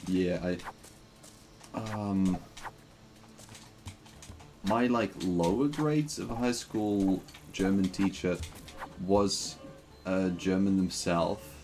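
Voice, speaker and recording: A man's voice: low voice, very slow, long pauses, a little mellow, soft background music. A man streaming a game, joking and rambling with lots of fillers in casual commentary.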